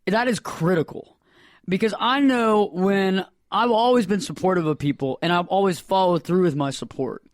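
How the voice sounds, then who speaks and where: Male talk host, upbeat and jokey, high voice, close dry studio sound. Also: normal speed, no echo. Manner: playful, motivational, jokey asides. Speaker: radio show host. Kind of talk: casual radio talk.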